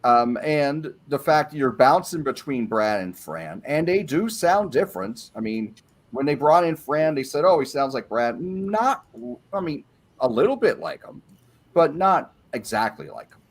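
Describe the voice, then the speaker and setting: Man, somewhat high pitch, casual panel talk, opinionated, track-by-track review. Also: sing-song, measured pace.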